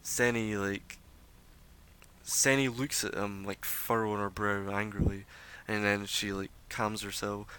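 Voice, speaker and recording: A man's voice: on the low side, little pitch movement, measured pace, bright, forceful tone, smooth. A man narrating as game master of a tabletop game, rambling with many fillers.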